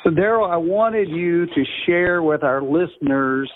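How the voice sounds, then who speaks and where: A man's voice: fairly high pitch, lively intonation, measured pace. A man interviewing a guest on the radio in a friendly way, laughing easily. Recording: tinny phone-like line with faint noise.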